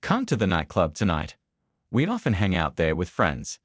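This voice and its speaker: A male narrator putting on a cocky young guy from a storybook, casually coaxing, in a low husky voice that swings around a lot, with a close, dry sound. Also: wildly swooping pitch, moderate pace, no room sound, heavily acted. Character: cocky young male student, smooth tempter.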